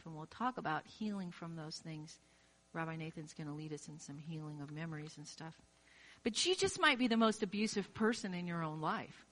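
A woman preaching a sermon, talking straight to her listeners with strong emphasis and acting out quoted inner voices. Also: on the low side. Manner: emphatic, direct address to listener.

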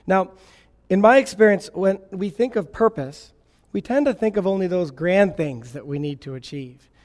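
A man's voice: high-pitched, normal speed, darkish tone. A man preaching a sermon to a congregation, earnest and teaching, lifting his voice when he quotes scripture. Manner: earnest teaching, quotes Moses and God in a lifted voice. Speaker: messianic Jewish congregational leader. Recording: long hall reverb.

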